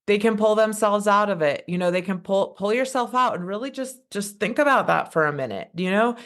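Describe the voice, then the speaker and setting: A woman's voice: mid-range voice, brisk, a bit bright. A woman in her thirties, a podcast guest, talking passionately in casual conversation, often restarting her sentences. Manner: passionate, fired up, rambling with restarts.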